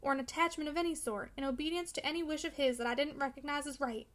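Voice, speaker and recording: A woman reading the part of an earnest young woman who speaks with sorrowful gentleness. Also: high voice, steady tone, fast. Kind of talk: audiobook character reading.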